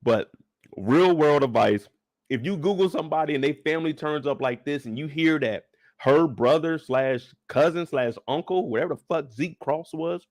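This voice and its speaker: A man's voice: a little high, normal speed, darkish tone, no echo, clean studio sound. A man hosting a channel, giving joking, profane reaction commentary on a TV drama. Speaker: channel host.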